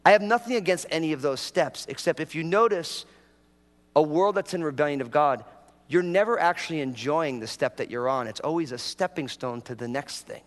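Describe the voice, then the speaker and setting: A man's voice: a little high, lively intonation, brisk, big-room sound. A man preaching a sermon as pastor, talking casually and drawing the congregation in with prompts and jokes.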